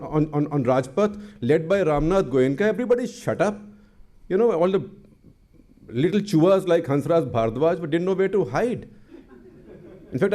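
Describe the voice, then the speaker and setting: A man's voice: on the high side, dark tone. A middle-aged man with an Indian accent, speaking as an editor on a panel, plain-spoken and impassioned, with storytelling asides. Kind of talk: panel talk.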